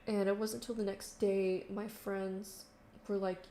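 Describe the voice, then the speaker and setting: Chatty young woman with vocal fry. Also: mid-range voice, level tone, a little slow, dark tone. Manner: chatty, lots of fillers and quoted voices. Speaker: vlogger. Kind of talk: casual storytime chat. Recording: echoey room with faint noise.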